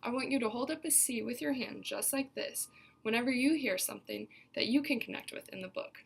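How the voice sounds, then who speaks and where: A woman teacher reading a picture book aloud to young children, telling it expressively and pausing to ask them questions. Her voice is a touch high, with a gravelly fry at the ends of phrases.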